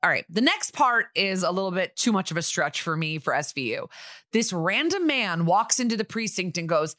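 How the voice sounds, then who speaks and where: A woman co-hosting a podcast, casually recapping a TV episode with irreverent asides and quick impressions. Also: lowish voice, animated, a bit bright, dry recording, clean studio sound. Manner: chatty, irreverent, acts out lines from the episode. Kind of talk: casual chat.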